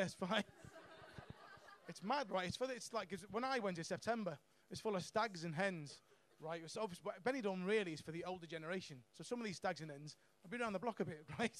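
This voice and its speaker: Brash, sweary comedian. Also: male voice, sits high. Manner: brash, sweary, laughs at own jokes. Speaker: stand-up comedian. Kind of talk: stand-up set. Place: comedy club stage.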